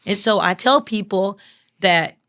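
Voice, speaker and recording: A woman's voice: mid-range voice, unhurried, a bit bright. Plainspoken woman telling a hard story. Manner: earnest, plainspoken, with casual swearing. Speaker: guest, business owner. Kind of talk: emotional personal story in a conversation.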